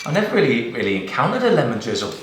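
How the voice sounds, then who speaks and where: A man's voice: medium pitch, huge pitch swings, very fast, a bit bright, very echoey, slight background noise, rough recording. A man from England co-hosting a live cooking stream from his home kitchen, chatting casually and joking with his co-host. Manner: chatty, jokey, reads out viewer questions.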